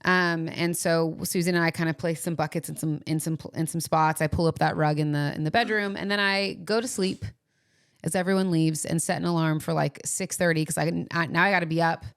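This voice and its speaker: A woman's voice: brisk, smooth. A woman co-hosting a podcast, telling a story in casual chat and acting out what people said. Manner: animated retelling, acts out quoted lines in a higher voice. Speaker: podcast co-host.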